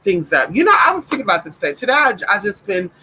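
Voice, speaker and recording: Effusive chatty man, bright voice. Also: sits high, sing-song, fast talker, slight background noise, rough recording. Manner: effusive and repetitive, calls viewers "honey"; frank, with casual swearing. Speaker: spiritual reader hosting a livestream. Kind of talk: casual livestream chat with viewers.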